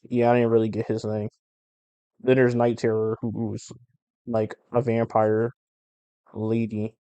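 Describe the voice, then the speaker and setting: A man's voice: fairly low pitch, measured pace, clear, resonant tone, no room sound, lo-fi sound. Slangy man ranting about comics. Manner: slangy, profane, animated rants. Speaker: podcast host. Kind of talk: casual comic book review podcast.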